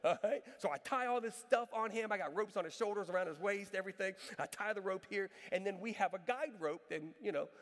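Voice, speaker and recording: A middle-aged male pastor with a notably high voice preaches in a large church sanctuary, his words fading into long reverb. He delivers a sermon with a personal story, full of lively humor and emphatic rhetorical questions to the congregation. He speaks fairly quickly with few pauses.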